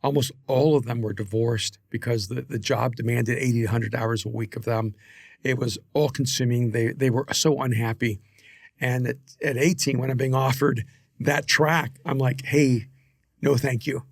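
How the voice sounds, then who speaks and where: A man with a gravelly, fry-edged voice speaks in a reflective podcast conversation, handing out earnest advice and often restarting his sentences. The sound is close and dry. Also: medium pitch, fairly even intonation, normal speed, dry recording. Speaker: podcast co-host.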